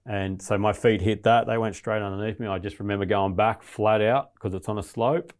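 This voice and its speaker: A man's voice: on the low side, steady tone, a little fast. A man, a guest in an interview, telling a story in a blunt, rambling way with heavy swearing.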